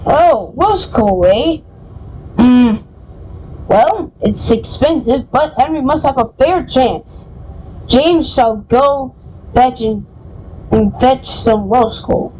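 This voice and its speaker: A woman's voice: high-pitched, lively intonation, slow, mellow, a little hiss or hum, low-quality recording. A woman voicing a stern, stout male railway boss in a storybook, with thoughtful hums. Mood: musing.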